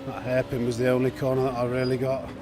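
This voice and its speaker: His delivery is completely flat, though quick, in a medium pitch with background noise behind him. He's a man chatting on a live stream, reading chat aloud and frequently restarting his sentences with fillers.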